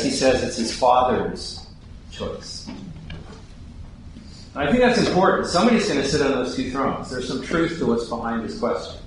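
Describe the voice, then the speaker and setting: A man delivers sermon-style Bible teaching at a mid-range pitch and keeps asking questions of his listeners. His voice comes from well away from the microphone. It rings in a heavily echoing hall with steady background noise underneath. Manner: poses questions to the audience. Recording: very echoey hall, distant mic, background noise.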